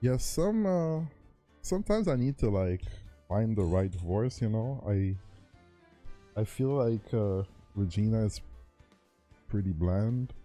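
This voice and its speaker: A man with a low, mellow voice that still moves around a lot in pitch, chatting in a relaxed way while he plays a game. Faint music sits behind his dry, close voice. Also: takes it slowly, pauses often. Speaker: let's play co-host. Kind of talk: casual gaming commentary.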